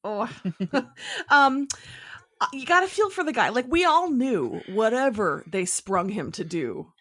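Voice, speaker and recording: A woman's voice: fairly high pitch, very animated, unhurried, fairly bright tone, no room sound. A woman co-hosting a podcast in casual chat, joking and laughing often. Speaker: podcast co-host.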